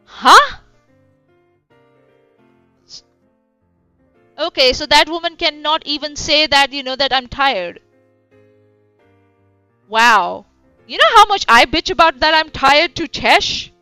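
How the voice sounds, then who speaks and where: Bright, sarcastic woman streamer. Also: high-pitched, animated, a little slow, pauses often, no echo. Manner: blunt, sarcastic, swears freely. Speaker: streamer reacting to clips. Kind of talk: casual reaction commentary. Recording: dull lo-fi stream audio with faint music.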